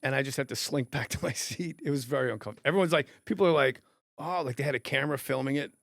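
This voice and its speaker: A man's voice: medium pitch, rapid-fire, vocal fry, no echo, clean studio sound. A middle-aged man, a comedian hosting a podcast, telling stories in casual chat and acting out heated quotes. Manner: animated, acts out heated quotes loudly.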